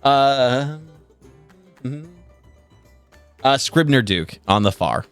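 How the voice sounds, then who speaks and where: A man's voice: mid-range voice, expressive, very slow, smooth, soft background music. A man narrating as game master of a tabletop game, rambling with many fillers, cursing and laughing along.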